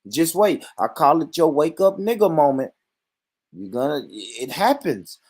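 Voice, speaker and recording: A man's voice: on the high side, very animated, measured pace, darkish tone. A man with an African American English accent hosting a casual discussion, talking bluntly and emphatically with heavy profanity. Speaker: host. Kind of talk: casual talk-show discussion.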